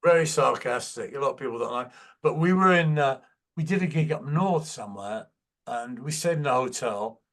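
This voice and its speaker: An older man from England with a Manchester accent speaks in an animated, mid-range, fairly bright voice at a moderate pace. He's a guest musician in a casual interview, telling anecdotes and acting out quotes as he goes.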